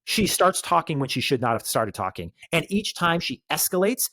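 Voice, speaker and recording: A man's voice: on the high side, normal speed, dry recording. A man co-hosting a casual recap chat, talking emphatically and acting out what people said. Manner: animated, emphatic, acts out quotes. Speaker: podcast co-host.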